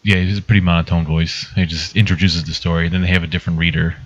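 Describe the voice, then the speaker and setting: A man's voice: low-pitched, flat delivery, quick pace, dry recording. A man from Labrador, Canada, co-hosting a casual podcast chat with dry, teasing remarks. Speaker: podcast co-host. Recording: lo-fi podcast recording.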